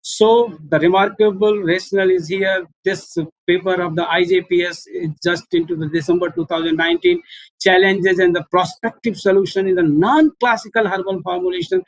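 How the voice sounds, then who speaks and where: A middle-aged Indian English-accented man lectures in a fairly high voice, stopping often on 'uh' and hammering points home through repetition. The sound is dry and dull, like lo-fi webinar audio from a video call. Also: fairly even intonation, no echo. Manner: halting, with frequent 'uh' pauses and emphatic repetition. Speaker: professor presenting at a webinar. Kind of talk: formal webinar presentation.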